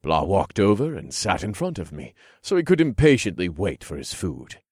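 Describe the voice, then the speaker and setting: Reading a first-person fantasy novel, this male audiobook narrator speaks in a very low, deep voice with a breathy edge. His delivery is calm and steady at a moderate pace, captured dry and close with no room sound.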